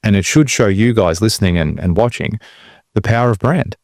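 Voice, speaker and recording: A man's voice: fairly low pitch, fairly quick, no room sound, clean studio sound. A man co-hosting a podcast, talking casually and telling stories from his business. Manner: relaxed storytelling. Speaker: podcast co-host.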